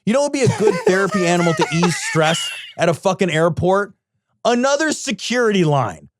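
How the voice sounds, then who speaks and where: A man co-hosting a podcast in casual comedic chat, profane and laughing, telling drawn-out stories. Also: high-pitched, very animated, noisy background. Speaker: podcast co-host.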